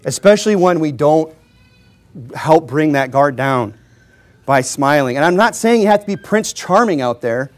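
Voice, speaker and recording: A man's voice: on the high side, animated, moderate pace. A man preaching a conversational sermon to his congregation, informal and joking, chuckling often and pressing his points with emphatic rhetorical questions. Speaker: Baptist preacher.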